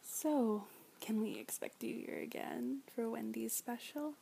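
A woman performing an adult audio role-play, teasing and sarcastic, often slipping into soft whispers. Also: a little high, unhurried, vocal fry, a little hiss or hum.

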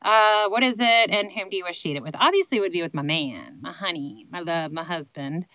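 This Southern vlogger, a woman in her late thirties, talks fast in a low voice with big pitch swings and a slightly bright quality. She answers viewer questions in casual, rambling chat to camera, self-deprecating and full of ums. No echo, but the audio is poor.

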